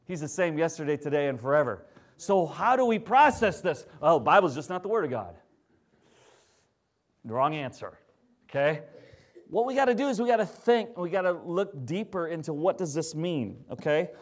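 A man, a pastor, preaching a sermon in a conversational way, often checking in with his listeners and swinging between loud emphasis and quiet, low stresses. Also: big pitch swings, normal speed.

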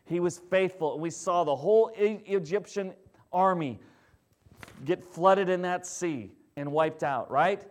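A man, a pastor, preaching a sermon in a conversational way, often checking in with his listeners and swinging between loud emphasis and quiet, low stresses. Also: a little slow.

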